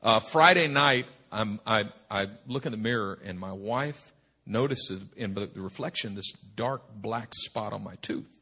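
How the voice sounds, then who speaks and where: A man preaching at a church retreat, telling a humorous personal story in an animated, rambling way full of restarts. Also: fairly low pitch, a little slow, breathy edge. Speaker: pastor. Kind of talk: sermon storytelling. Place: retreat meeting hall.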